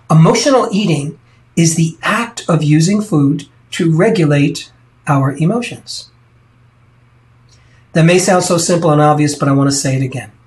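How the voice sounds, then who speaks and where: A coach giving an earnest teaching talk, stressing and repeating key points to the listener. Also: medium pitch.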